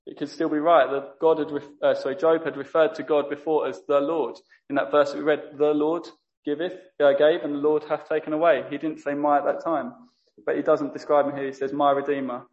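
A man gives a sermon in a fairly high but flat, even voice, earnest and prone to correcting himself mid-sentence. The recording is dull and lo-fi. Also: fairly quick. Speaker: lay preacher.

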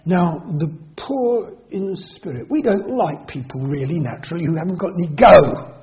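High-voiced preacher, lo-fi recording. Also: male voice, lively intonation. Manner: earnest, measured teaching with emphatic repetition and slowed key words. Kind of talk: sermon. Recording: dull lo-fi recording.

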